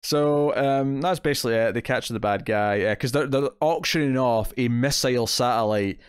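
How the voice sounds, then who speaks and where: This podcast co-host talks about TV episodes in a loose, rambling way, dropping fillers and quoted asides as he goes. He is a man with a medium-pitched, clean voice at normal speed. The sound is dry and studio-clean.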